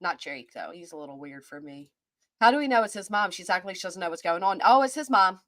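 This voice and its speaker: A woman's voice: on the low side, expressive, fast talker, fairly bright tone, no echo, clean studio sound. A woman with a Kentucky accent hosting a casual live-stream chat, reading out and greeting viewers by name as she talks.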